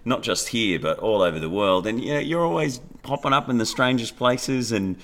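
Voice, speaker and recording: A man's voice: medium pitch, animated, fairly quick, a bit bright. A man interviewing a lifeguard casually, mostly giving short encouraging replies and a few questions. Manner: brief encouraging back-channel replies.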